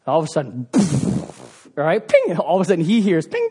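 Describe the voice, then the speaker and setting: A man preaching a sermon, telling the story with animated sound effects and swinging between loud bursts and hushed passages. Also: high-pitched, moderate pace, husky.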